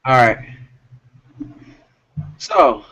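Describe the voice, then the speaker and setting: A man co-hosting a casual video-call chat, calm and dryly teasing, getting over a cold. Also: very slow. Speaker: podcast co-host. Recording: dull lo-fi call audio.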